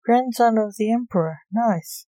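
A kindly, helpful young prince from a storybook, as a woman reads him. The lines are slow and even, with a warm, mellow tone. The sound is close and dry. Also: a little high, no echo, natural voice.

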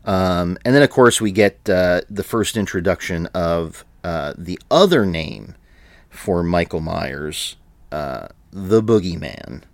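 A man's voice: low-pitched, lively intonation, slow pace, creaky, dry recording. A man co-hosting a podcast in casual chat, rambling with frequent fillers and laughs. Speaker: podcast co-host.

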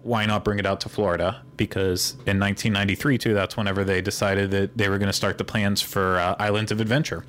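A man with a Pittsburgh accent hosts a casual podcast. He sits a little low in pitch and wanders off on tangents as he explains. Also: level tone, fast talker, hardly any pauses, fairly bright tone, a little hiss or hum. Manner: rambling, digressive explainer. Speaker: podcast host.

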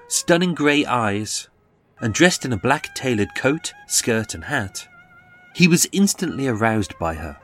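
A man giving dramatic scripted true-crime narration and dwelling on detail. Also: medium pitch.

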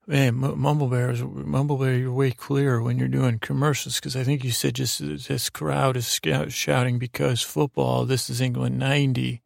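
Flat, gravelly man rambling a bedtime story. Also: medium pitch, dry recording, clean studio sound. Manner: halting, meandering, many restarts and fillers. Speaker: sleep podcast host.

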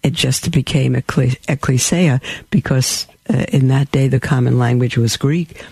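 A man's voice: fairly even intonation, normal speed, vocal fry, darkish tone, husky, no room sound. A man preaching a sermon, explaining words in a teaching way, often repeating key words. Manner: teaching, repeats key words, rises high when quoting. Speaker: Catholic preacher.

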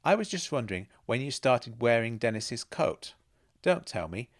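A man's voice: mid-range voice, sing-song, moderate pace. A man voicing a playful, self-assured woman who teases and mocks. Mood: knowing. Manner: teasing, knowing, laughs at others.

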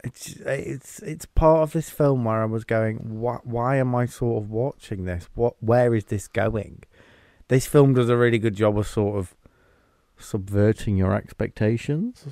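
A man's voice: medium pitch, measured pace, mellow, no room sound, clean studio sound. A man co-hosting a film podcast, chatting casually with wry asides and thinking-aloud fillers. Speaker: podcast co-host.

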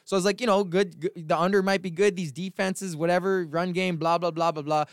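A man's voice: high-pitched, steady tone, a little fast, dry recording. Profane rambling man, dry close mic. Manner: profane, rambling storytelling with laughs. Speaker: podcast host. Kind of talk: casual rant.

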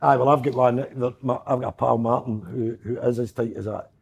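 A middle-aged Scottish man telling stories in casual chat, gruff and sweary with a mock-snappy edge. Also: medium pitch, fairly even intonation, brisk, a little mellow, muffled recording. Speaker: guest comedian.

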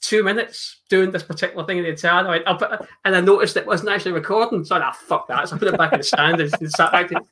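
A man's voice: high-pitched, very fast, hardly any pauses, bright, forceful tone. A Scottish man co-hosting a live podcast, rambling and stammering through jokey stories, swearing now and then. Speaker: podcast co-host. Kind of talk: casual live podcast chat.

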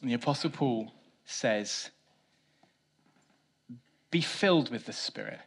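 A man preaching a sermon, swinging between loud emphatic lines and quiet low ones, with a self-mocking touch. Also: takes it slowly, slightly rough. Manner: animated preaching, rising loud for emphasis then dropping soft. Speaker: pastor.

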